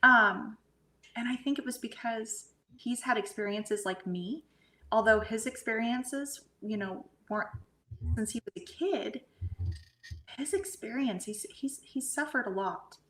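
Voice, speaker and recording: A middle-aged woman, a guest medium, telling a personal story softly and haltingly, often sinking into a breathy whisper. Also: fairly high pitch. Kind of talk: emotional personal storytelling in a podcast interview. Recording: roomy echo.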